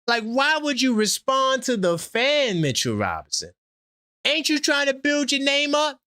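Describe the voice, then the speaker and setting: A man hosting a casual sports fan stream, talking animatedly and trash-talking, swinging between loud outbursts and low asides. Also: big pitch swings, a little slow, clean tone, dry recording, studio quality. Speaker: sports channel host.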